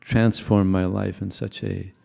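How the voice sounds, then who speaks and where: In a lowish, warm, creaky voice with little pitch movement, an older man speaks a little slowly as he gives a devotional talk. A temple speaker, he chats with the congregation through anecdotes, chuckling as he tells them.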